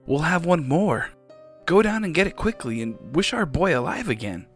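A man's voice: medium pitch, animated, slow, faint music behind. A man voicing a feverish, hysterical old mother who insists on a desperate wish in an audiobook reading.

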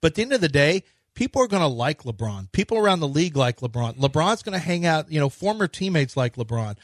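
A man's voice: fairly high pitch, sing-song, fast, no echo, clean studio sound. A man hosting a sports talk radio show, rambling and opinionated with emphatic points.

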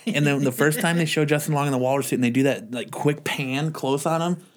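A man's voice: fairly high pitch, a little fast. A man hosting a casual chat, opinionated and profane, often laughing. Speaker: podcast host.

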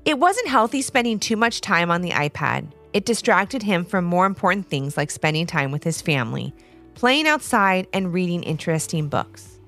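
Female children's-story narrator, animated and lively, faint music under. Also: on the low side, normal speed. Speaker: storyteller host.

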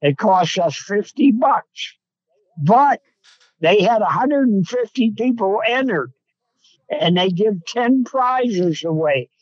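A man's voice: sits high, expressive, slow pace, dry recording, dull audio. A man telling rambling, folksy hunting stories in casual chat. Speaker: guest, coon hunter. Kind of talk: casual storytelling on a phone-in. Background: on a road, seeing a deer across it.

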